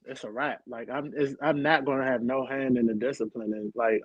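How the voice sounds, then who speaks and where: A man's voice: mid-range voice, fairly even intonation, fairly quick, no room sound. A young adult man, a guest on a podcast panel, talking in a candid, loose and slangy way. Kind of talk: casual panel chat. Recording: dull, muffled sound.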